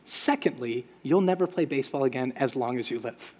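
A man voicing a calm, stern father scolding his son in a quiet, measured way. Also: medium pitch, lightly acted. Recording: long hall reverb.

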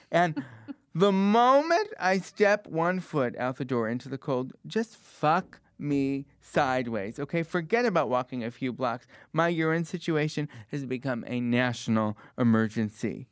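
A man in his twenties telling a comic story as a stand-up comedian, animated and self-mocking, with sudden jumps in pitch. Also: dry recording, clean studio sound. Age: 20s.

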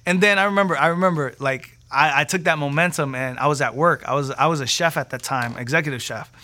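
A preacher telling his personal testimony in a casual, animated way, using slang, acting out the people he quotes and repeating words when excited. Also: on the high side, fast talker.

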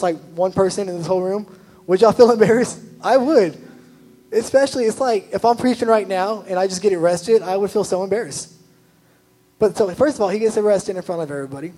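A young male youth pastor preaches in a loose, conversational way, scattering "like" through his sentences. His voice sits high and has a husky edge. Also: low-quality recording. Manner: chatty, animated, full of "like" asides. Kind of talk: casual sermon.

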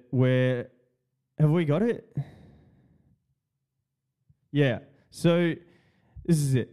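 A man's voice: mid-range voice, darkish tone. A man hosting a casual solo podcast, talking in a profane, mocking way and often laughing. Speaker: podcast host.

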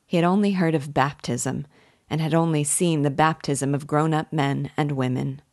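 Woman narrator for a literature class reading, low voice, dry close sound. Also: fairly even intonation, normal speed, darkish tone, no room sound. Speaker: literature teacher reading a novel aloud. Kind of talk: audiobook narration.

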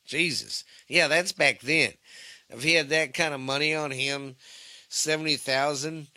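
A tired man reads ghost stories slowly, stumbling over words and cursing in asides. His voice is bright and forward. The recording is dry and close. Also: fairly high pitch, steady tone, no echo. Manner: stumbling reader, swears in asides, tired and yawning. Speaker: podcast host reading ghost stories. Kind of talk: casual reading with asides.

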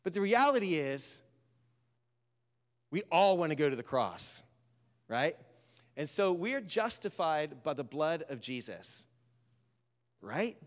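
A man preaching a sermon, telling a story and urging his listeners, talking casually and building to loud, animated exhortation. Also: fairly high pitch, slow pace, long pauses. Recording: reverberant hall.

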